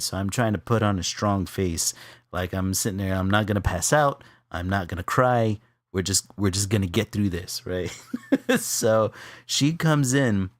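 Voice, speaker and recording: In an easygoing chat on an art stream, this co-host, whose voice is lowish, spins a humorous story from his own life. He laughs plenty, and his pitch leaps when things get exciting; the sound is close and dry, with no room around it.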